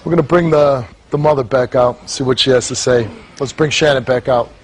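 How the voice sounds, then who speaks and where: A man's voice: medium pitch, steady tone, brisk, a faint crowd, slight background noise. A man hosting a talk show, lecturing a guest in a harsh, accusing way and repeating words for emphasis.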